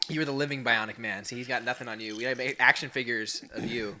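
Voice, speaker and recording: An American man hosting a casual interview, reacting with quick, enthusiastic comments. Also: mid-range voice, fairly even intonation, pushed and bright, a little hiss or hum. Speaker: podcast host.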